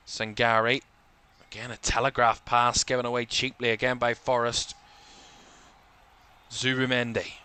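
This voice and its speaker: A man calls a football match live for a watchalong stream. He rattles off player names in clipped bursts and lifts his voice as attacks build. His tone is bright and his voice crisp and clean, a little tired. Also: medium pitch, level tone, measured pace. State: tired, yawning. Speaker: football commentator.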